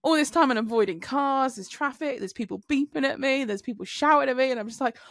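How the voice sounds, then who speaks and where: A woman on a podcast, telling an animated story with swearing. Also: high-pitched, fast, dry recording, clean studio sound. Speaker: podcast co-host. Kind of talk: casual chat.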